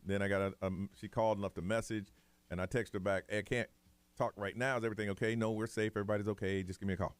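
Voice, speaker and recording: A man's voice: fairly low pitch, flat delivery, very fast, no room sound. A man hosting a morning radio show, telling a family story in casual chat and acting out the voices of relatives.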